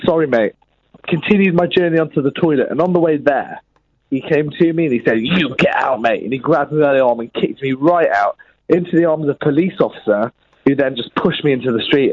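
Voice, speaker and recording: A man's voice: medium pitch, fast, dry recording. Matter-of-fact man calling in. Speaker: caller. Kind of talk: phone-in call telling a story. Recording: dull phone line.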